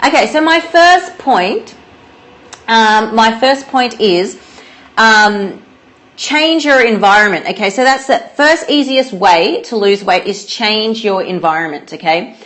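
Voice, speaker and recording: A woman's voice: a little high, expressive, slow pace, a bit bright. A young Australian woman, a nutritionist, chatting bubbly on a live stream, laughing often and greeting viewers. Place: home, at night.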